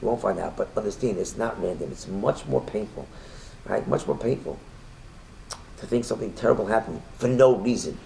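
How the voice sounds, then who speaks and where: A man with a low, gravelly voice teaches a Torah class in a fast, conversational flow. He often stumbles and repeats himself, then jumps up in volume when he acts out a quote. Faint noise sits underneath. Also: low-quality recording. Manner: talks in quick bursts, repeats and restarts, rises loudly when quoting. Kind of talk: casual Torah lesson with storytelling.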